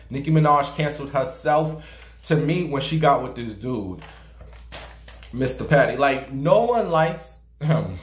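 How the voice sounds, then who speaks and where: A man giving sassy, profane gossip commentary and dramatic storytelling as a vlogger. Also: mid-range voice. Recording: roomy echo.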